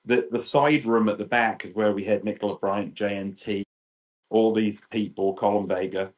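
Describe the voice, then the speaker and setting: A British man in his fifties, a podcast guest telling lively anecdotes and acting out quotes. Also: on the low side, moderate pace, lo-fi sound. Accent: British English. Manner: animated, acts out quotes. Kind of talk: storytelling chat.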